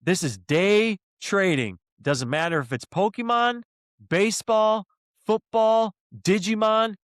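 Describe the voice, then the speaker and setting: Man co-host, higher-pitched voice, close dry mic, ranting and cursing in a heated podcast argument. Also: slow, fairly bright tone, dry recording. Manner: worked up, ranting, swears often. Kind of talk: heated casual podcast discussion.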